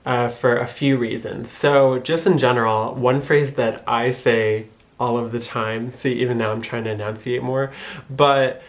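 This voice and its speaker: A man's voice: mid-range voice, steady tone, measured pace. A young man with a Michigan accent, casually explaining how people talk where he grew up and chuckling often as he exaggerates pronunciations. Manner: chuckles often between sentences; demonstrates pronunciations by exaggerating them. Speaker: vlogger.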